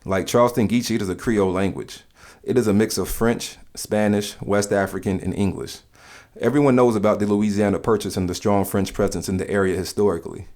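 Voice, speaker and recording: A man narrating in a calm, measured, scripted way, explaining things to the listener. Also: lowish voice.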